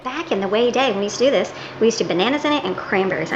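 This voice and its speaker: A woman's voice: on the high side, lively intonation, rapid-fire. Woman chatting while cooking in a kitchen. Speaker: home cooking vlogger. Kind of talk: casual cooking narration. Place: home kitchen. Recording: echoey, dull clip with kitchen noise. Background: clattering dishes and pans.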